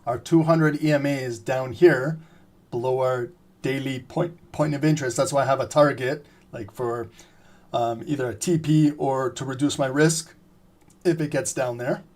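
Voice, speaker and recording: A man giving live trading commentary, explaining steadily and often clearing his throat as he says he is losing his voice. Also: medium pitch, normal speed. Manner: steady explanatory, repeats "remember" and "right?". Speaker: trading streamer.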